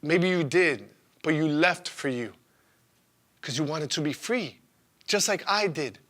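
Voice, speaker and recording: Man playing a steady, plainspoken young ex-girlfriend, bright tone. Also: fairly high pitch, a little slow. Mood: gentle. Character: calm, firm ex-girlfriend, young woman.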